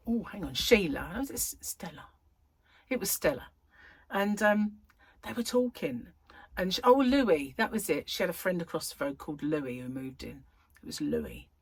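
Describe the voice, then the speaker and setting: A woman's voice: fairly low pitch, breathy edge, dry recording. A middle-aged woman, a crochet vlogger, chatting casually to her viewers and telling stories with laughter. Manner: chatty, laughing, animated storyteller.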